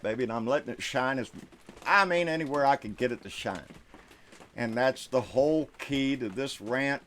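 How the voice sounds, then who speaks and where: Folksy Texan man ranting. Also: medium pitch. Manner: folksy, swings between quiet asides and loud outbursts. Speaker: live stream host. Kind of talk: political rant live stream.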